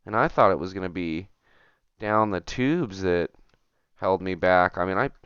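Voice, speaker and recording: This is casual gameplay commentary from a man playing a retro game on stream, talking to viewers and himself, growing frustrated and muttering. He speaks at a measured pace in a low, slightly bright, smooth voice. There's no echo, but the top end of the audio is missing.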